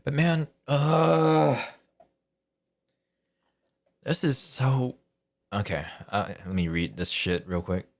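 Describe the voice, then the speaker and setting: A man's voice: mid-range voice, slow pace, long pauses. A man live-streaming a story game, chatting casually and thinking aloud with hesitant restarts.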